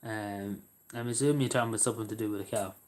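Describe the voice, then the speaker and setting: A man's voice: fairly low pitch, fairly even intonation, rapid-fire, darkish tone. A man chatting casually to his livestream viewers, rambling and hesitant with many fillers and restarts. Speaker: livestream host. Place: at home in a squeaky chair.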